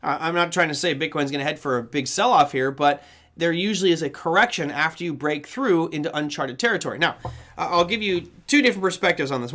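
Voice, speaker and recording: A man with a slightly high, pushed and bright voice hosts a live trading show. His market commentary rambles, he often corrects himself, and he acts out the voices of people he quotes.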